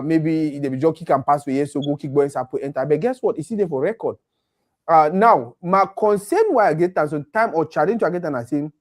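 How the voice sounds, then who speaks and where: Animated Nigerian man, slightly high voice. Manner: animated, mixes Pidgin with English. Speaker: co-host. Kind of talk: casual football chat.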